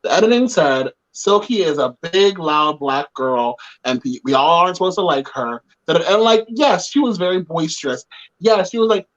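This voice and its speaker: A man's voice: a little high, lively intonation, normal speed, highs cut off. A man hosting a casual group chat, talking in an emphatic, opinionated way. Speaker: podcast host.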